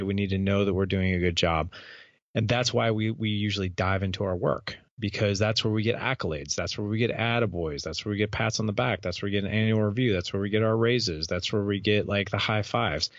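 A man's voice: on the low side, gravelly, no room sound. A man in his thirties, a podcast host, telling a candid personal story in an interview, earnest and repeating words as he goes. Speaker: podcast host and guest speaker. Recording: dull, lo-fi sound.

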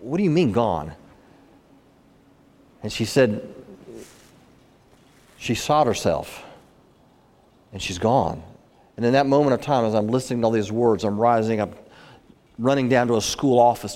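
A man's voice: medium pitch, darkish tone. Man speaking in a reverberant hall. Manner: earnest, repeats phrases, talks to the crowd. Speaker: guest speaker. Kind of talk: personal story told to an audience.

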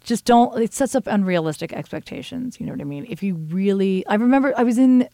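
A middle-aged woman hosting a podcast, telling stories in a candid, animated way and swearing freely. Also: mid-range voice, fast, no echo. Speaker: podcast host. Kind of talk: casual chat.

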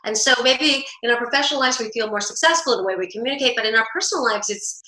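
A woman voice actress giving an interview, talking in an animated way and acting out bits of everyday dialogue. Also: on the high side, very fast, echoey room, rough recording. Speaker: guest, voice actress. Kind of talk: interview talk.

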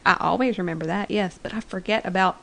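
A woman's voice: mid-range voice, fast talker, gravelly, background noise. A woman co-hosting a fan podcast in a laid-back way, sharing research from her notes and recapping scenes. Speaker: podcast co-host. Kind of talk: casual fan podcast chat.

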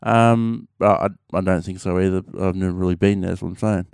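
A young Australian man rambles casually on his own podcast in a solo chat, full of fillers and restarts, with the odd mild swear word. His low, steady voice moves fairly quickly, a little mellow, clear and resonant. It's studio-quality audio with no echo.

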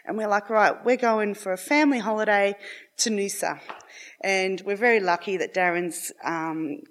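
A middle-aged woman telling a long personal story in a rambling, animated way, acting out the voices of her family. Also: medium pitch, moderate pace. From Australia.

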